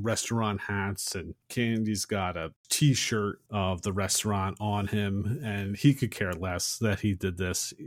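A low-pitched man casually walks through a film scene as a podcast co-host, slipping into the characters' lines as he goes. His voice sounds dry and close, with no room echo. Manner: retells scenes and acts out quotes. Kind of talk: casual movie recap.

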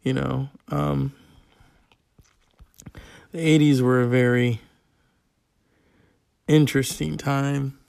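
A man's voice: mid-range voice, little pitch movement, slow, long pauses, darkish tone. A man hosting a podcast solo, rambling and swearing a lot, with plenty of fillers. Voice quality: gravelly. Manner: profane, rambling, with frequent fillers. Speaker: podcast host. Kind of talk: casual solo podcast monologue.

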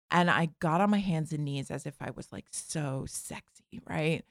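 A woman in her forties tells a comic story in a lively, chatty way, leaning on "like" and acting out each voice. Her voice sits a little low, and it is recorded close and dry with no room sound. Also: normal speed, no echo. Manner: animated, lots of "like", acts out voices. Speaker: podcast guest telling a story. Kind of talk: casual comedic storytelling.

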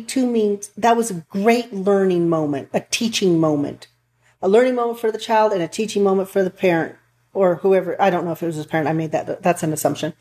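A woman's voice: lowish voice, dark tone. A woman counselor talking earnestly in a casual chat, rambling a bit with restarts as she tells stories. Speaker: counselor for couples and families.

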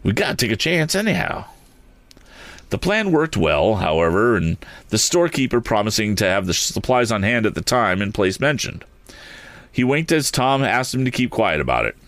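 Lively man reading a story aloud. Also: on the low side, moderate pace, dry recording. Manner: animated, lively reading with occasional restarts. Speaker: audiobook reader. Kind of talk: storybook narration with character voices.

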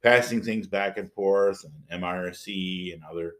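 A man with a low-pitched voice co-hosts a podcast in loose, casual chat. He talks in a wry, rambling way and often lets his sentences trail off into a mumble. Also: normal speed. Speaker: podcast co-host.

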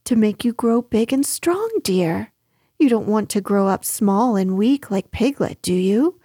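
A woman's voice: mid-range voice, lively intonation, measured pace, mellow, slightly rough, dry recording, studio quality. A woman voicing a motherly female kangaroo in a storybook reading, soothing but firm.

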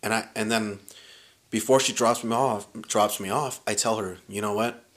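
A man's voice: on the low side, moderate pace. A young man telling a wild story on a podcast, swearing freely and laughing as he goes. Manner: profane, animated, laughing through the story. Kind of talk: casual storytelling chat.

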